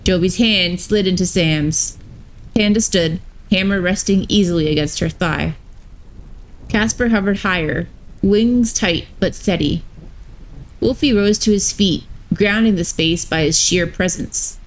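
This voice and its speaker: Woman streamer reading a story live, unhurried, lowish voice. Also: slight background noise, poor audio. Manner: slow, measured reading with brief asides to chat.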